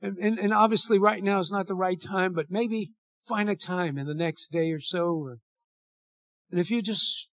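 Earnest high-voiced male pastor. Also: moderate pace, a bit bright, dry recording, clean studio sound. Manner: earnest, pleading, many repeated words. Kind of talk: sermon with closing prayer.

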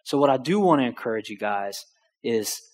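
A male pastor preaching, telling a personal story with lively acted-out dialogue. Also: medium pitch, moderate pace, long reverb tail. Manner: animated storyteller acting out phone calls.

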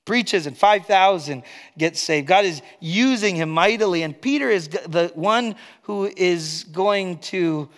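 A man preaching a sermon as pastor, earnest, swinging between loud emphatic stretches and quiet, low asides. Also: measured pace, long reverb tail. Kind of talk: expository sermon.

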